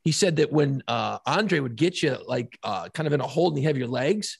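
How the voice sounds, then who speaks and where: A middle-aged man co-hosting a podcast, telling stories in an animated way with swearing and bursts of laughter. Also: medium pitch, normal speed, vocal fry, breathy edge, no room sound, clean studio sound. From New Orleans area. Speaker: podcast co-host. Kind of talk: casual chat.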